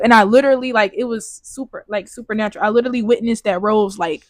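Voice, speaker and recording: A woman host talks quickly and casually, leaning on "like" as she goes. Her pitch sits in the middle and the sound is dry and close to the mic. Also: fairly even intonation, no echo. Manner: casual, lots of "like" fillers, faith-minded reflections. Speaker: podcast host. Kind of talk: casual chat.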